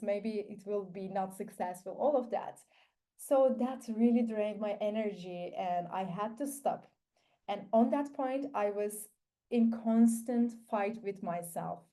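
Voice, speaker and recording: A woman with a manner, sharing a personal testimony at an online forum, earnest and reflective with frequent pauses. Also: mid-range voice, warm tone. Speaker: forum speaker.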